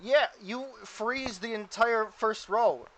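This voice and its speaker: A man's voice: sits high, slow pace, fairly bright tone, slight background noise. A young man running a tabletop game as game master, often breaking into laughter as he narrates. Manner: giggly, laughs through his narration.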